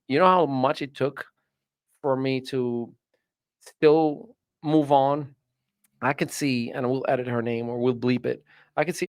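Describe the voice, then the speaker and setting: A man's voice: medium pitch, no echo. A man hosts a casual talk on personal growth, with a mid-range voice recorded close and dry. He tells his stories with energy and acts out what other people said to him. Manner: animated storyteller, acts out quoted voices. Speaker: host, personal growth speaker. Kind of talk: casual chat.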